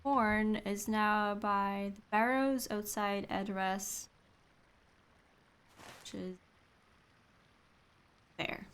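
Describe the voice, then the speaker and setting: A woman's voice: medium pitch, steady tone, extremely slow, pauses often, a bit bright, smooth. A woman giving casual, upbeat commentary while streaming a game and chatting with viewers. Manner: chatty, upbeat, talks to chat.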